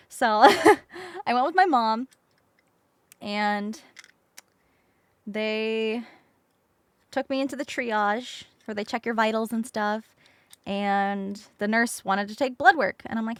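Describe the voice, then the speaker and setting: A woman streamer telling a story in casual chat, expressive, swearing casually and acting out the people she quotes. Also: a little high, moderate pace, no room sound. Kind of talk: casual storytelling while crafting.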